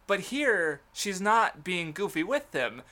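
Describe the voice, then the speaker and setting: Rambling young man, bright voice. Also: high-pitched, sing-song, slow. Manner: rambling, many fillers and restarts, laughs often. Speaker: podcast co-host. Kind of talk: casual chat.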